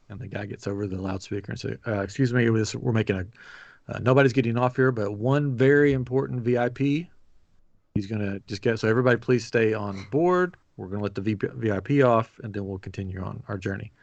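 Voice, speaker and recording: A man hosting a podcast, telling a story in a casual chat with lively acted-out quotes. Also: lowish voice, gravelly, no echo, lo-fi sound. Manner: animated retelling with acted quotes. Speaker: podcast host.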